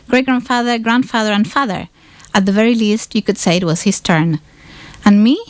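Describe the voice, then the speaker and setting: Sex: woman. Style: literary reading aloud. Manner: measured and deliberate, mid pitch. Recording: dry, close sound. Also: dry recording. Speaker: reader of a novel excerpt. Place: bookshop event.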